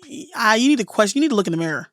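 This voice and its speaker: A woman's voice: mid-range voice, lively intonation, racing, fairly bright tone, no room sound, studio quality. A woman guest co-hosting a podcast, chatting casually, laughing and swearing through rambling opinions. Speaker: guest co-host.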